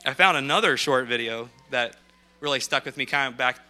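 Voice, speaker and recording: A man speaking from a podium as a missionary, telling lively anecdotes and acting out what people said. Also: mid-range voice, fairly quick, faint music behind. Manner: lively anecdotal storyteller who acts out quotes. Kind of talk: storytelling sermon.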